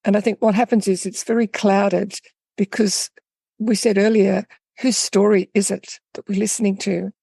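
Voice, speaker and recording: A woman coach speaking as an interview guest, thoughtful and unhurried, telling stories with small restarts. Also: mid-range voice, level tone, creaky, warm tone, husky, no echo. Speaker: guest, coach for women in midlife. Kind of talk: reflective interview talk with storytelling.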